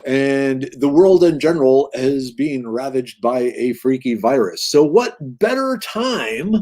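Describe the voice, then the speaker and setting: A man's voice: on the high side, a little mellow. A man hosting a casual livestream interview show, talking in an easygoing way and greeting viewers by name. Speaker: host.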